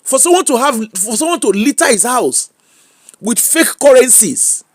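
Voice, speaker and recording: Animated Nigerian man ranting. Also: extremely high pitch, normal speed. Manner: animated Pidgin rant, mocking, laughing. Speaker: streamer. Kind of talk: ranting live-stream monologue.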